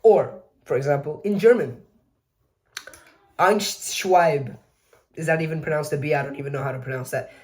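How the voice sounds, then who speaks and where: A man's voice: a little high, normal speed, long pauses, darkish tone. A man giving a casual educational explainer, with chatty, self-mocking asides and frequent mid-sentence corrections. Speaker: video essay host.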